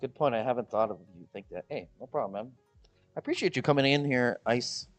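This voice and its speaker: A man's voice: mid-range voice, fast, soft background music. A man hosting a casual livestream, chatting with viewers and ranting with jokes and mocking voices. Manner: animated, joking rants with mocking voices. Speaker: livestream host.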